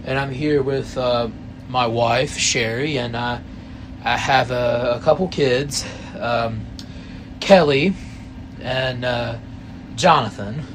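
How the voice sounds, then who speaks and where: A man voicing a big, bearded Southern bar patron with a drawn-out drawl, gruff but caring. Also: medium pitch, noisy background, natural voice. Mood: friendly.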